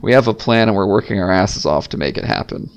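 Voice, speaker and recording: A man voicing a calm, steady young male bear in a fan game dub, speaking in a measured way. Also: on the low side.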